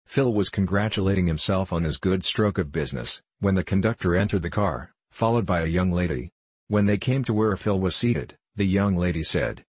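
A man reading a novel aloud as an audiobook narrator in a measured, even way. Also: sits low, slightly rough, dry recording. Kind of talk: scripted narration.

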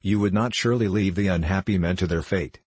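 A pompous, stiffly formal ship's captain, as a male reader puts him on in a storybook reading. The voice stays very low and slightly husky in a dry, close recording. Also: fairly quick, a little mellow, dry recording. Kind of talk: audiobook character voice.

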